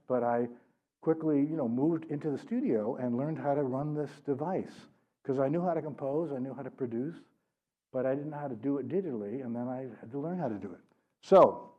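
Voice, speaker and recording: An older man, an author, gives a public talk in a library event room with a warm, mid-range voice. He's conversational and keeps checking in by asking "right?", and the recording sounds slightly dull.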